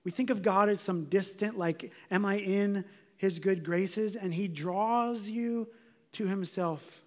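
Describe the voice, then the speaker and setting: A man's voice: sits high, takes it slowly. A man preaching a sermon as a pastor, in a conversational way, often saying "like" as he explains. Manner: conversational, filler "like".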